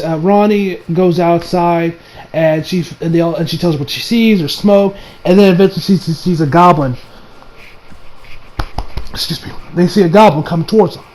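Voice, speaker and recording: A man giving a casual recap and review of an anime episode, animated and exasperated, laughing and swearing as he talks. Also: high-pitched, rough recording.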